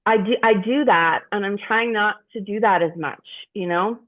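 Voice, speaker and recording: A woman's voice: medium pitch, normal speed. A middle-aged woman candidly sharing personal stories with a group, frank and profane, rambling with restarts. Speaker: group participant. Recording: tinny phone-like sound.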